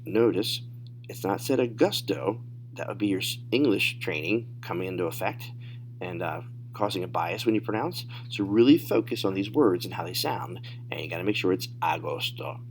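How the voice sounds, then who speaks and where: A man teaching a recorded Spanish lesson, modeling phrases slowly and explaining pronunciation. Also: deep voice, a little hiss or hum. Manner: slow, deliberate modeling of phrases.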